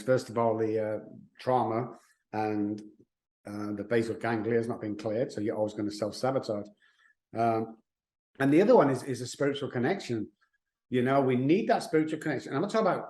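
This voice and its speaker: A middle-aged man with a mid-range voice talks as an expert guest on a podcast. He explains with emphasis and energy, slipping into quoted lines as he goes. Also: medium pitch. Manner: emphatic, animated storytelling with acted-out quotes. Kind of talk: conversational podcast interview.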